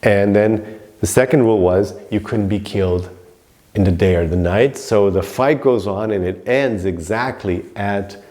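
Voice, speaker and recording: A man's voice: on the low side, a little slow, warm tone. A man teaching a spiritual story in a casual, rambling way, full of fillers. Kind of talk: storytelling lesson.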